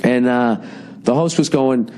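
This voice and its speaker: A man's voice: mid-range voice, measured pace, darkish tone, a little hiss or hum. A man, ranting sarcastically and profanely in a casual podcast monologue, his voice a little strained and cracking. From United States. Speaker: podcast host.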